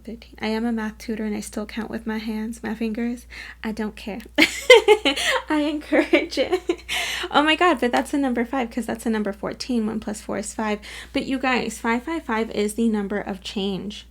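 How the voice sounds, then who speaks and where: A woman's voice: a little high, darkish tone. A woman giving a casual, effusive pick-a-card tarot reading to camera, earnest and full of fillers. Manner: chatty and effusive, full of "like" and "you guys"; earnest and openly moved while reading. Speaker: tarot reader.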